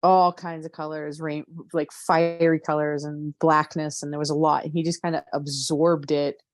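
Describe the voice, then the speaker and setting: A woman as a therapy client, talking haltingly and repetitively through an emotional memory, with many fillers. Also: low-pitched, little pitch movement, no room sound. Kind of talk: emotional guided recall.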